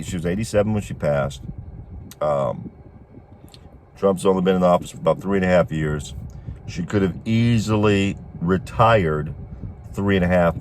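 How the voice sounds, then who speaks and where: A man's voice: low voice, a little mellow, slight background noise. A man giving casual political commentary in an opinionated way, chuckling often as he talks.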